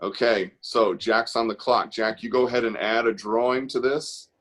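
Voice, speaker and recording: A man's voice: medium pitch, fairly even intonation, moderate pace, a bit bright. Upbeat encouraging man hosting an art class. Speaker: host of an online art class. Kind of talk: casual live-stream teaching.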